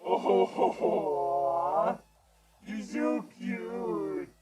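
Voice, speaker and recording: A man's voice: high-pitched, sing-song, drawn-out words, low-quality recording. Man cooing baby talk to a dog. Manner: cooing, gushing, laughing. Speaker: streamer. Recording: music playing loudly behind.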